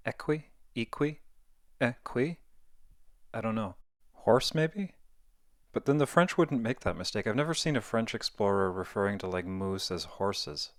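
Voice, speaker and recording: Low-voiced man thinking aloud. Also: no room sound, studio quality. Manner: thinking aloud, self-correcting. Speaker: video essayist. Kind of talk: casual explainer monologue.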